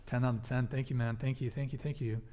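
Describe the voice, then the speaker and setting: A man with a mellow, medium-pitched voice and little pitch movement hosts a live dating talk stream at a quick pace. Laid-back, he reads viewers' super chats and thanks them in a casual livestream chat.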